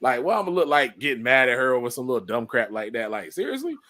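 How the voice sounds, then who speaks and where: A man's voice: medium pitch, big pitch swings, quick pace, sharp tone. A man chatting in who talks earnestly and rambles, with a lot of fillers. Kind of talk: casual chat.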